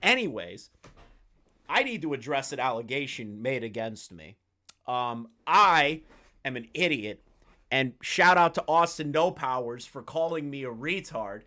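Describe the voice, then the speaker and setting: A man's voice: mid-range voice, very animated, unhurried, pushed and bright. A man streaming live commentary to his chat, ranting in a crude, sarcastic way and rambling with fillers and restarts. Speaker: streamer reacting to online drama.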